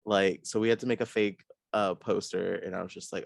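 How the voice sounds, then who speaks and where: A man's voice: deep voice, fairly even intonation, fairly quick, gravelly, no room sound. A young man, an artist being interviewed, talking casually with many fillers and frequent laughs. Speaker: artist guest.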